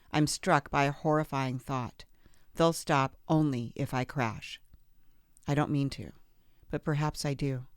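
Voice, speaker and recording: A woman podcast host reading a memoir aloud in a measured, expressive way on a close studio mic. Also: sits low, clear, resonant tone, dry recording.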